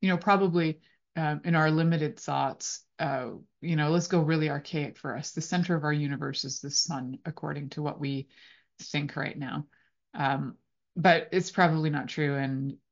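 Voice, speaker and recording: A woman's voice: deep voice, moderate pace, vocal fry. A woman hosting a podcast, musing on relationships in a rambling way with many fillers. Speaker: podcast host. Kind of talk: reflective relationship talk. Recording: slightly dull lo-fi audio.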